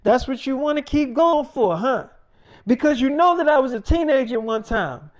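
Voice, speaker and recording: Young man as a foul-mouthed furious mom laying down the law, high-pitched voice. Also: animated, moderate pace. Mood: angry. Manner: swearing, scolding, threatening. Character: furious strict mother scolding her teen daughter.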